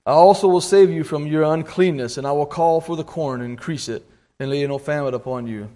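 A middle-aged man giving an informal sermon, halting and repeating words, clearing his throat often and reading scripture aloud in old-fashioned wording. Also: on the high side, warm tone. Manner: reads scripture aloud in King James wording. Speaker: lay preacher.

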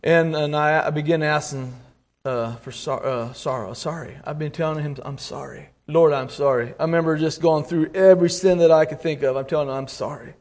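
A middle-aged man giving an informal sermon, halting and repeating words, clearing his throat often and reading scripture aloud in old-fashioned wording. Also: on the high side, steady tone, a little mellow. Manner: reads scripture aloud in King James wording. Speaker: lay preacher.

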